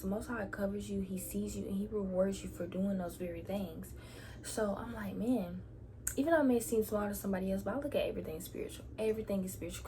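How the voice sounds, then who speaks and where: A young woman vlogger telling a story about her faith in a casual, chatty way, often dropping into soft whispered asides. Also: mid-range voice, noisy background.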